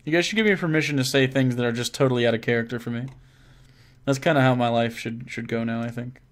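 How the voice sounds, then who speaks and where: A man's voice: medium pitch, quick pace. A man hosting a casual live stream, reading viewer messages aloud and joking around with lots of swearing and restarts.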